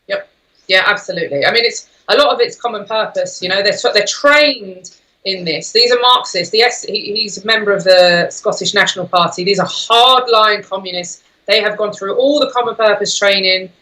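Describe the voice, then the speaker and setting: Forceful, insistent woman guest. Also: medium pitch, normal speed, low-quality recording. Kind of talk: talk show conversation.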